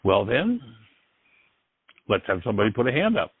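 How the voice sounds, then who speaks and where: A low, gravelly man hosts a call-in radio show in an earnest, encouraging way. His voice is husky and reflective. The sound is thin and phone-like, with no room echo at all. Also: very animated, moderate pace. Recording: dry, tinny phone-like line.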